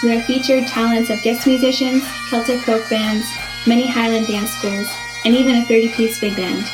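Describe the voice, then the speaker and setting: A woman's voice: fairly high pitch, level tone, normal speed, poor audio. Woman narrating over bagpipes. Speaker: narrator for the pipe band. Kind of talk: scripted narration. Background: bagpipe music.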